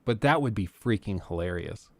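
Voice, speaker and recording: A man's voice: lowish voice, lively intonation, normal speed, gravelly, no room sound. A young man hosting a live stream, chatting casually with viewers in a rambling, joking way and laughing often.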